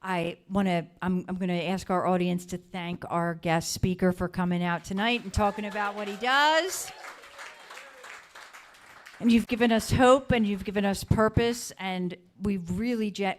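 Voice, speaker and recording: A woman's voice: medium pitch, steady tone, moderate pace, some chatter behind. A woman hosting a live community talk show, asking questions and thanking her guest in an encouraging way. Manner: encouraging, appreciative.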